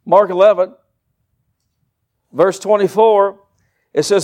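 A man preaching a sermon to a church congregation, animated and conversational, with folksy everyday asides. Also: sits high, measured pace, pauses often.

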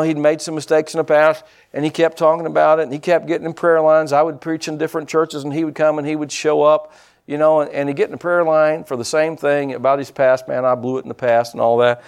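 Gravelly, blunt middle-aged preacher man. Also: a little high, a little mellow. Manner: folksy, blunt preaching with quoted asides. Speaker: pastor. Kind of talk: sermon.

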